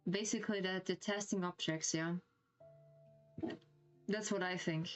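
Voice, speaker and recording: A woman's voice: lowish voice, fairly even intonation, a little slow, soft background music, poor audio. A woman streamer with a German accent who reads a game story aloud and reacts with giggly, gushing comments.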